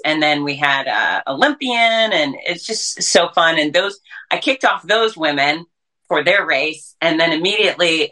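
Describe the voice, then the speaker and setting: A woman who works as a race announcer and fitness speaker, talking as an upbeat, energetic interview guest. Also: low-pitched, rough recording.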